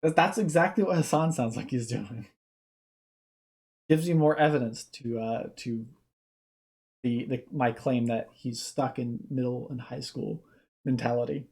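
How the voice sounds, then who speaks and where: A man's voice: medium pitch, unhurried, creaky, long pauses, darkish tone. A young man giving casual reaction commentary, rambling off on tangents and restarting his sentences.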